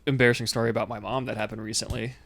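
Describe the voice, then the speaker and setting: Man, podcast co-host, mid-pitched voice, slow drawl, faint hiss behind. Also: level tone, creaky, a bit bright. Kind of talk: casual chat.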